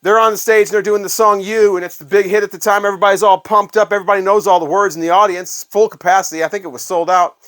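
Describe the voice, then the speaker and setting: A man's voice: high voice, fairly even intonation, quick pace, hardly any pauses, a bit bright. Middle-aged man telling rambling stories. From Illinois, USA. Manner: rambling and conversational, with frequent fillers. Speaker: former radio staffer, record collector. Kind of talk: casual storytelling vlog.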